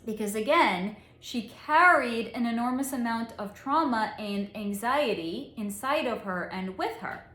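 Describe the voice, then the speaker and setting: A woman psychic reader telling a story in a monologue, with deliberate dramatic pauses and frequent laughs. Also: a little high, lively intonation, a bit bright. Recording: echoey room.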